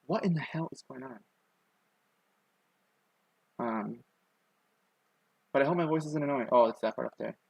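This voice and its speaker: A man's voice: medium pitch, moderate pace, gravelly, long pauses, a little mellow, slightly rough, no echo, poor audio. A young man with a lisp, chatting casually and rambling self-consciously on a live stream, with many ums and likes. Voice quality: lisp on his S sounds.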